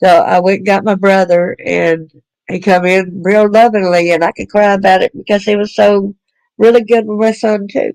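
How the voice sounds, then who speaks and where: A woman talks earnestly and plainly to other parents, her voice gravelly with a lot of vocal fry. The recording is dry and close. She pauses on fillers and restarts her sentences as she goes. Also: mid-range voice, steady tone, darkish tone, no echo, poor audio. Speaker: parent speaking on child protection. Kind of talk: personal talk to parents.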